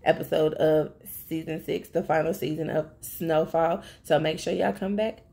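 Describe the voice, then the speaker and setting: A woman chatting casually as she recaps a TV episode, talking straight to her viewers in a lively storytelling way. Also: sits low, moderate pace, vocal fry. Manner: chatty, addresses viewers directly; animated storytelling. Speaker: TV recap vlogger.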